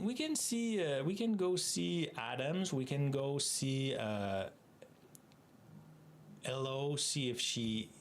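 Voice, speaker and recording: Casting note: French Canadian man, native French, mid-pitched, loose chatty streamer with faint background hiss. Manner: rambling, chatty, quick asides. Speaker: live-coding streamer. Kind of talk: casual live-stream chat.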